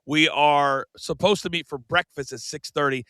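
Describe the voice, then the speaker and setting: A middle-aged American man co-hosting a podcast, telling a story in a casual, animated way and acting out the quoted lines. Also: a little high, normal speed, smooth, dry recording. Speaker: podcast co-host.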